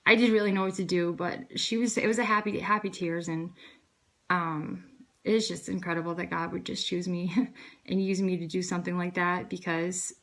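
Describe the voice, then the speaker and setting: A woman in her thirties casually telling a personal faith testimony, earnest and animated, acting out the dialogue with lots of fillers. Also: fairly low pitch, normal speed. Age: 30s. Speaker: vlogger sharing a faith testimony. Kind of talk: casual storytelling.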